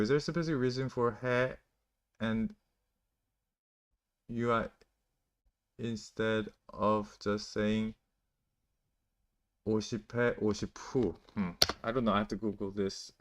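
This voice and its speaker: A man teaching a language on a live stream, explaining in a loose, chatty way full of "like" and restarts and answering viewers' questions. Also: lowish voice. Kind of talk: casual live-stream lesson.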